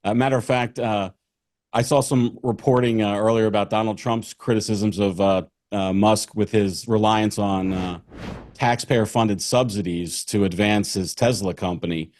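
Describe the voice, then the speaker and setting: A man's voice: fairly low pitch, steady tone, normal speed, darkish tone, no room sound. Earnest man, dry close sound. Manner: earnest, many fillers and restarts, argues firmly. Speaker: constitutional lawyer guest. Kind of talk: political discussion.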